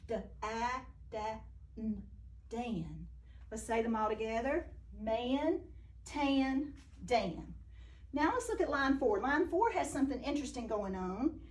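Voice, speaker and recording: A woman teaching a phonics lesson to young children, speaking slowly and praising each answer. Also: high-pitched, lively intonation, darkish tone, far from the mic, a little hiss or hum.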